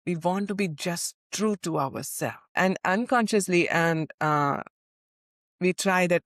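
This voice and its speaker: A woman's voice: lowish voice, unhurried, no room sound, studio quality. Earnest woman guest on mindfulness. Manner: earnest, reflective, restarts phrases. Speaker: podcast guest, mindfulness coach. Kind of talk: interview conversation.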